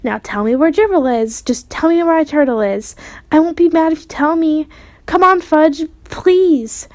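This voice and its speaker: A woman voicing an exasperated fourth-grade boy who shouts at his little brother. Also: sits high, normal speed, voice pushed up, lightly acted. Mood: pleading. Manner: indignant, shouting.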